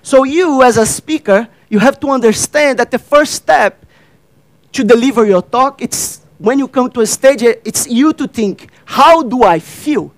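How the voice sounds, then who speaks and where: High-voiced man speaking on stage. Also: a little slow, no room sound, poor audio. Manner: addresses and questions the audience, acts out dialogue; non-native grammar, repeats phrases. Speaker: workshop speaker. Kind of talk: interactive stage talk.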